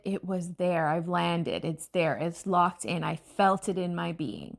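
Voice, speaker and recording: A woman's voice: fairly low pitch, unhurried, gravelly, few pauses. A woman coach giving an earnest, reflective motivational talk with a spiritual bent.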